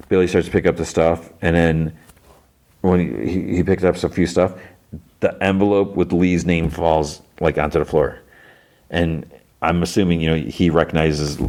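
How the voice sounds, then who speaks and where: Very low-voiced man recapping a show. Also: darkish tone. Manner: rambling, filler-heavy retelling with quoted dialogue. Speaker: podcast host. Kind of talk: casual episode recap.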